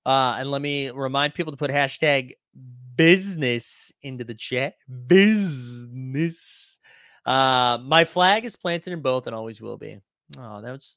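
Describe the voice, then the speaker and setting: A man's voice: fairly high pitch, vocal fry, sharp tone, dry recording, clean studio sound. A man hosting a casual livestream, reading out viewer comments in a loose, rambling way full of fillers and restarts. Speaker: livestream host.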